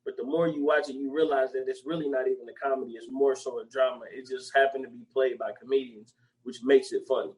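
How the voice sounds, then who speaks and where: A man in his usual speaking voice, neither high nor low, chatting on a podcast. He rambles along in loose slang and keeps looping back to the same filler phrases. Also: steady tone, quick pace, darkish tone, rough recording. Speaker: podcast co-host. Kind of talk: casual chat.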